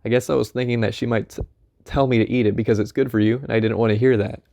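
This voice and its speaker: A man's voice: medium pitch, steady tone, quick pace, vocal fry, mellow. Man narrating a memoir audiobook. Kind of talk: first-person memoir narration.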